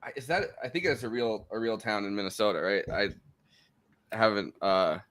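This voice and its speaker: A man's voice: on the low side, normal speed, a bit bright. An American man hosting a podcast, chatting loosely and joking with frequent laughs. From United States. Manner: loose and jokey, laughs often. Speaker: podcast host. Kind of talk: casual podcast chat.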